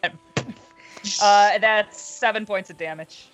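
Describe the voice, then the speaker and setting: A woman playing in a tabletop game who talks quickly and excitably and laughs a lot. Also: medium pitch, muffled recording. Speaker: player. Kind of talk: casual tabletop play.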